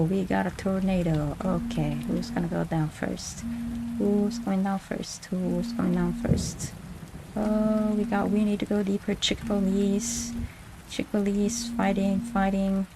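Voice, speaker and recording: A woman's voice: mid-range voice, very noisy. A woman streamer giving playful announcer-style live commentary, repeating her phrases as she goes.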